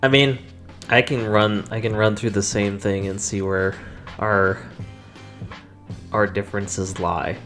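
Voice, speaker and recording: Slangy young man, low voice. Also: steady tone, slow pace, pauses often, fairly bright tone, soft background music. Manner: loose, slangy, laughing. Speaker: podcast co-host. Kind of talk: casual chat.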